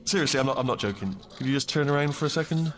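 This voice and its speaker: A man's voice: medium pitch, rapid-fire, slight background noise, close to an everyday voice. A man voicing a jittery robot core. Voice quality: excitable, rambling, exclamatory. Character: chatty nervous male robot personality core. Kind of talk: video game voice acting.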